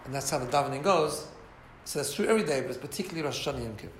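A man teaching an informal Torah class, animated and asking listeners rhetorical questions. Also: mid-range voice, racing, a little hiss or hum. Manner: animated, mixes Hebrew and Yiddish terms, asks listeners rhetorical questions. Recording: roomy echo, faint ambience.

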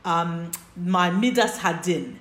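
A woman's voice: on the low side, takes it slowly. Woman teaching a text class, roomy sound. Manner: explains step by step, checks in with "right?". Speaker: Torah teacher. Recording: roomy echo.

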